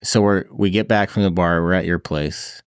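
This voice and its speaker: A man's voice: low voice, steady tone, normal speed, clean tone, dry recording, studio quality. A man hosting a podcast, chatting in a laid-back way and laughing often. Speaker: podcast host. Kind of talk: casual chat.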